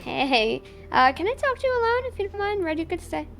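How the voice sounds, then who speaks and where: A woman's voice: extremely high pitch, big pitch swings, a little fast, creaky, fairly bright tone, faint music behind. A woman streamer playing a police officer in a roleplay, animatedly recounting events and acting out both sides of the dialogue. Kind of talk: in-character roleplay storytelling.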